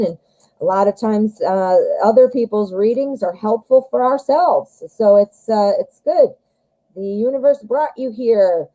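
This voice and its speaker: A woman's voice: mid-range voice, mellow, no room sound, poor audio. A woman giving a live-stream tarot reading, chatting directly to viewers with lots of fillers and friendly asides. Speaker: tarot reader.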